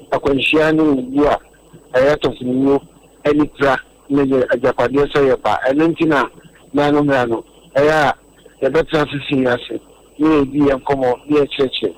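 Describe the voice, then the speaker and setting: A man's voice: mid-range voice, rough recording. A man explaining a topic earnestly on a radio discussion, often repeating words as he goes.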